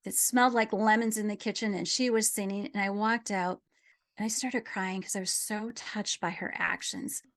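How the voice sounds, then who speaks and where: A middle-aged woman gently telling a personal story in a reflective conversation, dropping at times to a near whisper. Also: medium pitch, steady tone, moderate pace. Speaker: guest sharing a personal story.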